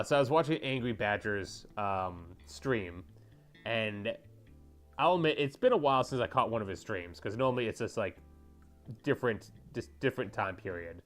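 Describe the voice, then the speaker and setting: A young man livestreaming as he paints miniatures, rambling and joking with his chat. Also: medium pitch.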